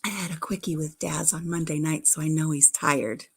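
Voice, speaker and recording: A woman's voice: sits low, fairly even intonation, moderate pace, breathy edge. A middle-aged woman hosting a casual livestream, telling childhood stories in a chatty, giggly way with playful innuendo. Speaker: livestream host. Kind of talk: casual chat, storytelling.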